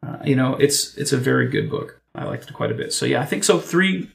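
A man's voice: medium pitch, a little fast, vocal fry. A man, co-hosting a casual podcast chat, laughing often and slipping into silly voices. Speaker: podcast co-host.

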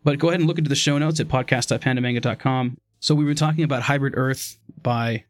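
A man's voice: mid-range voice, fairly even intonation, fast talker, dry recording, studio quality. A man hosting a casual podcast, talking enthusiastically and upbeat. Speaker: podcast host.

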